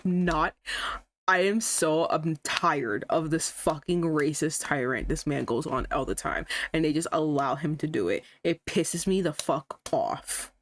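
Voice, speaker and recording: Fast-ranting woman streamer. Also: low-pitched, slight background noise. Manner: fast, swearing, exasperated ranting. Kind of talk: casual gameplay commentary.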